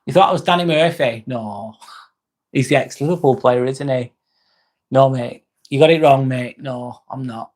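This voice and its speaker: A man's voice: mid-range voice, normal speed, darkish tone. Chatty man in his forties. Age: 40s. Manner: chatty, blunt, often trails off into "um" and "mate". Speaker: livestream host and nurse. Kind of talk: casual livestream chat with viewers.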